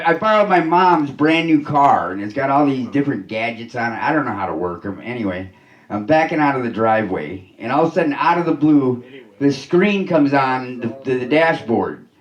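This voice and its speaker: A man doing a stand-up comedy set in a club, delivering deadpan one-liners with many halting restarts and "uh"s, laughing at his own jokes. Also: mid-range voice, reverberant, dull audio.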